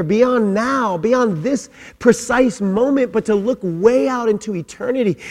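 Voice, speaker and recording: A male pastor preaching a sermon with emphatic repetition, building to loud, rousing peaks. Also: a little high, long reverb tail.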